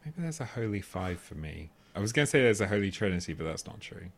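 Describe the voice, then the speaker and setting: A man's voice: fairly low pitch, sing-song, fast, vocal fry. A man co-hosting a film podcast in casual chat, rambling, often restarting, laughing and asking "do you know what I mean.". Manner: laughs often while talking. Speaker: podcast co-host.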